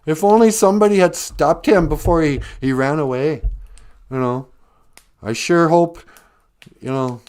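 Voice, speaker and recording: A man voicing a gentle, dying old uncle, in a strained, pleading way. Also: on the high side, a little slow, long pauses, clean tone, voice pushed up, lightly acted.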